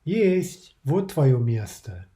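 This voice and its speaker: A man teaching a recorded language lesson, explaining in English and reading out example phrases slowly. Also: medium pitch, big pitch swings, mellow.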